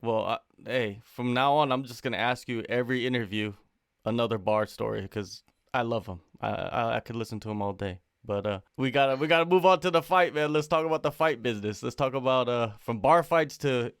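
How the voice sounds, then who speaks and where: A man's voice: mid-range voice, a little fast, clean tone, no room sound, clean studio sound. A male interviewer in casual, upbeat chat, often calling his guest "man.".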